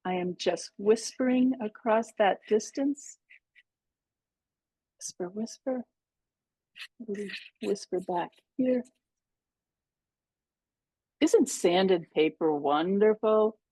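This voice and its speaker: Slow, chatty woman teaching painting. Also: medium pitch, mellow, dry recording. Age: middle-aged. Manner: chatty, thinking aloud while working. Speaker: pastel art instructor. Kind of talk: live online painting demonstration. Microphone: video call.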